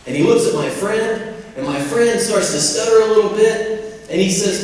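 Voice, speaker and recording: A man in his forties from Indiana tells folksy, funny stories in a motivational speech. His voice sits a little high, and it comes from far off with long reverb in a big hall. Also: lively intonation, unhurried, a little mellow. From Indiana, USA. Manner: folksy, humorous storytelling. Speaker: convocation speaker.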